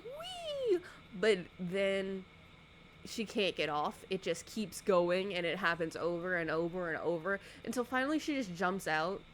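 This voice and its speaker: A woman YouTuber giving a sarcastic, animated casual recap of a movie, acting out the characters' lines. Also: mid-range voice, slight background noise.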